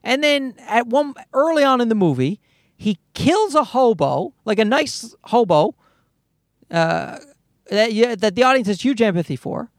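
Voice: medium pitch, sing-song, measured pace, dry recording, clean studio sound. A podcast host ranting casually, swearing often and restarting sentences. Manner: profane, ranting, many restarts.

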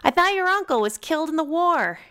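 A woman's voice: high voice, lively intonation, brisk, pushed and bright, pitched above the performer's own voice. A woman doing an eager, nosy young man. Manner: eager, prying questions. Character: friendly, nosy young man, charming and talkative.

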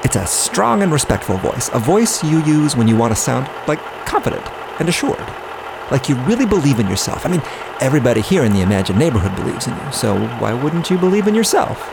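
A man's voice: medium pitch, very animated, fast, creaky, background noise. A man playing Scotty, a bubbly, chatty male host character who tells puns and talks straight to the listeners in a children's audio drama. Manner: bubbly, chatty, punny, addresses listeners directly. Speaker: show host.

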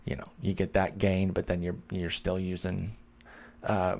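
A man with a somewhat low voice hosts a podcast and works through listener questions. He talks casually and analytically, thinking out loud with plenty of fillers. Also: completely flat delivery, measured pace, gravelly. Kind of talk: casual chat.

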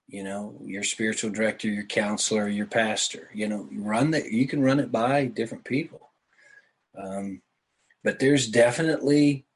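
Church teacher guy on zoom, slow and husky, earnest and encouraging. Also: lowish voice, poor audio. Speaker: church teaching team member. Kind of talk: casual discussion on a video call. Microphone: video call.

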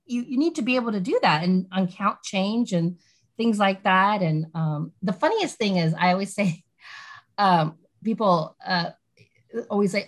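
A woman talking casually as a podcast guest, animated and rambling with lots of "like"s. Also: medium pitch, unhurried. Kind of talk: casual chat.

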